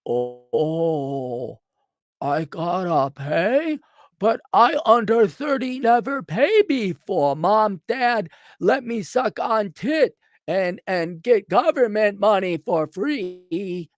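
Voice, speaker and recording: A man's voice: sits high, expressive, takes it slowly, dry recording, studio quality. A man putting on the voice of a lazy, whiny young man who pleads for freebies in broken, babyish speech. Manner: broken, pleading baby talk.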